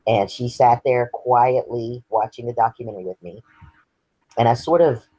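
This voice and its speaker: A man's voice: medium pitch, fairly even intonation, moderate pace, warm tone, husky, no room sound, rough recording. A man, earnestly sharing his personal story as an interview guest. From Texas. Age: 50s. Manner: earnest, candid and reflective.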